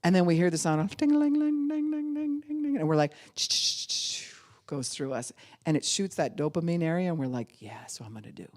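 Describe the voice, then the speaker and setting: A woman pastor delivers a sermon with a lively pitch that climbs and dips freely. She acts out quoted voices along the way and laughs often as she talks. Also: quick pace.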